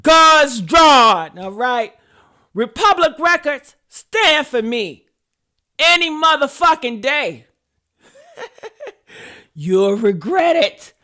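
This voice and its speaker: A sassy woman with dishes on celebrity drama, cursing freely and reacting big. Her voice sits high and bright, swinging widely in pitch, and she takes her time between punchlines. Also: big pitch swings, very slow, long pauses. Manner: sassy, profane, dramatic, reads posts aloud and reacts. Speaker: celebrity gossip commentator. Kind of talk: casual gossip commentary.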